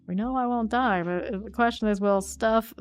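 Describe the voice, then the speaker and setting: A woman's voice: a little high, moderate pace, clean tone, soft background music. A woman streaming a game live, thinking aloud and calling out enemies as they appear. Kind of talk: live gameplay commentary.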